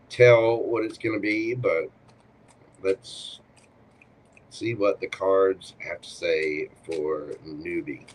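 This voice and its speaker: Slow, low-voiced man reading tarot. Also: slight background noise. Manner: playful, teasing, punchy short commands. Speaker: tarot reader hosting a live members Q&A. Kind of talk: live-stream tarot reading.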